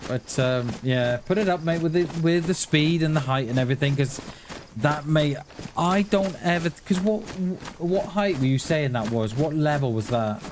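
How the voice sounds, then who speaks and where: A man chats his way through a live game stream, answering viewers and tossing in mate and dude at every turn. His voice sits a little on the high side. Outdoor game sounds with clicks and animal calls run clearly underneath him. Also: lively intonation, normal speed. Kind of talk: casual live-stream chat. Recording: clear game noise behind the voice.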